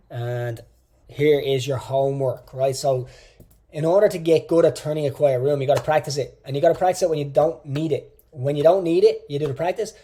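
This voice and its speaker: This man's voice is fairly high and mellow. A fitness coach, he leads an online coaching course lecture with a casual, direct style, hammering points home by repeating phrases.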